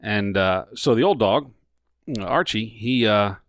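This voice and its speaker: A man's voice: fairly low pitch, lively intonation, slow, fairly bright tone, no room sound, studio quality. Joking, foul-mouthed podcast man. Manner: joking, profane banter. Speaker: podcast co-host. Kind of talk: casual chat.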